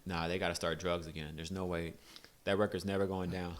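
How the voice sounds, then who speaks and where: A young American man with a very low voice chats on a podcast. He is laid-back and easygoing, and he tells his stories in a loose, conversational way. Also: flat delivery, fairly quick. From United States. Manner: laid-back, storytelling, laughs often. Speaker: podcast co-host. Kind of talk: casual chat.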